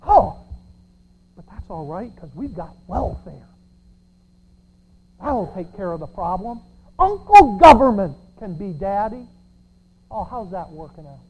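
A pastor preaching a sermon, sarcastic, swinging from shouts to quiet asides. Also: medium pitch, big pitch swings, slow pace, pauses often, husky, poor audio. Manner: sarcastic, swinging between shouts and near-whispers.

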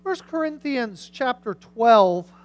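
A pastor preaching a sermon in a church service. The pastor talks casually, puts questions to the congregation, and reads scripture aloud, swinging between loud and soft. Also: medium pitch, lively intonation, slow pace, no echo, poor audio.

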